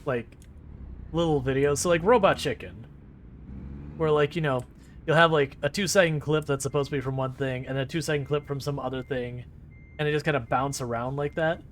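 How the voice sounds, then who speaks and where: A man's voice: fairly high pitch, fairly even intonation, fairly quick, slight background noise. A man casually chatting with his live-stream viewers while driving in a game, rambling and laughing easily. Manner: talks to chat while driving.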